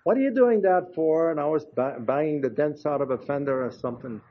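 The recording is dull and lo-fi, capturing an older man preaching in a folksy, conversational style. His fairly high voice is expressive and fairly quick as he tells anecdotes and keeps making asides to the congregation.

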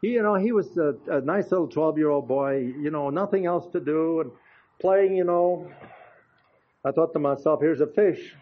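An older man whose voice runs on the high side preaches at normal speed, telling folksy stories and chatting with asides to his congregation. The sermon comes through in a dull lo-fi recording.

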